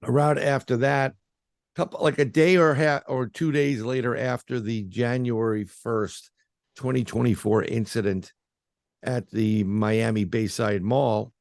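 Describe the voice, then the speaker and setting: A man's voice: medium pitch, darkish tone, dry recording, clean studio sound. A man being interviewed as a paranormal researcher, telling a story in a casual, rambling way with lots of fillers and restarts.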